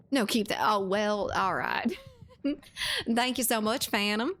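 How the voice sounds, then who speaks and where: A woman's voice: mid-range voice, expressive, unhurried, fairly bright tone, slight background noise. Chatty, profane woman game streamer. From Latin America. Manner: chatty, profane, laughing often. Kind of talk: casual gaming stream chat.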